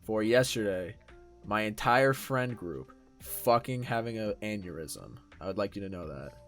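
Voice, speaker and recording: A young man co-hosting a podcast, telling an animated story in casual chat and swearing freely. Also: lowish voice, moderate pace, soft background music. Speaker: podcast co-host.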